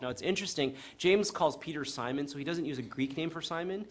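A man's voice: on the high side, fast, hardly any pauses, a little hiss or hum. A middle-aged man from the Chicago area, preaching in a conversational, reflective way with frequent fillers and self-corrections. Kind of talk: sermon.

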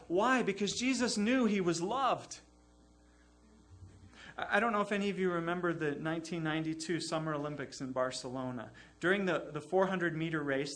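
Guy preaching a sermon, pretty high bright voice, earnest, keeps hammering the same phrases. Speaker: pastor.

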